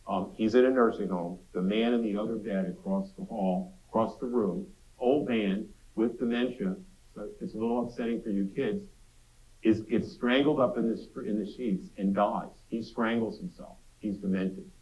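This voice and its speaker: A man with a lowish, slightly mellow voice lectures at a university, chatting directly with the students and adding quips. The recording carries the echo of the lecture hall.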